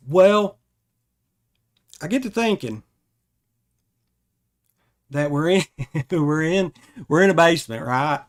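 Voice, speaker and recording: A man hosting a podcast, telling a funny personal story in a rambling, animated way and often correcting himself. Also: on the high side, slow, long pauses. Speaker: podcast host. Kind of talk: casual storytelling.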